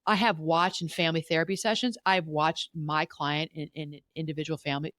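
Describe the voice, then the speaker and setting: A woman's voice: deep voice, fairly even intonation, brisk, a bit bright, dry recording, studio quality. A woman therapist hosting a podcast, giving earnest advice in a coaching tone and often repeating herself. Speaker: podcast host, family therapist.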